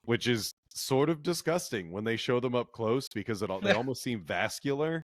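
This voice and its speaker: A man on a movie podcast, giving his take in a thoughtful, halting way with many fillers. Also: medium pitch, big pitch swings, no room sound, studio quality. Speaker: podcast co-host. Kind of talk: casual movie review chat.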